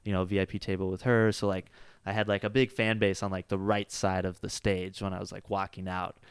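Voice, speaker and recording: A man talks in a loose, rambling way, stacking his sentences with "like" and "you know." His voice is low-set, smooth and resonant. The recording is close and dry, with no room sound. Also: little pitch movement, a little fast, no room sound. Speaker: jiu-jitsu coach and gym owner. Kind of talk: casual chat.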